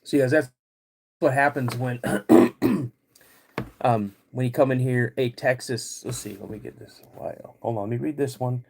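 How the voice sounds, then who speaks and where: A man in his fifties hosting a live podcast stream, greeting chat viewers by name in a halting way while getting over a cold. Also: mid-range voice, steady tone, creaky, a little mellow, a little hiss or hum. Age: 50s. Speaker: podcast host.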